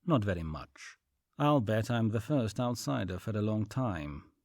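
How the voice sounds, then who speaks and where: A man's voice: fairly low pitch, sing-song, a little slow, a little mellow, dry recording, studio quality. A man reading a blunt, puzzled country boy. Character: puzzled young small-town man.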